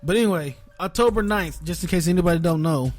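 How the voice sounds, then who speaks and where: A man with a slightly high voice chats on a podcast, telling stories and laughing often. Faint music plays underneath. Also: quick pace, a little mellow. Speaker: podcast co-host. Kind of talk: casual chat.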